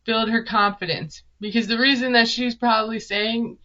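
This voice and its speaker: A woman's voice: a little high, steady tone, normal speed, pushed and bright, lo-fi sound. A woman, recapping a reality show in casual, sarcastic commentary. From Minnesota. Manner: chatty, sarcastic, laughs often. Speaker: TV recap vlogger.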